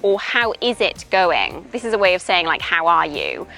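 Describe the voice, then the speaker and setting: A woman's voice: lowish voice, big pitch swings, moderate pace, vocal fry, pushed and bright, soft background music. A young British woman from Wales, an English teacher, chatting casually in an outdoor interview and explaining with examples. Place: outdoors in a park. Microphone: handheld voice recorder.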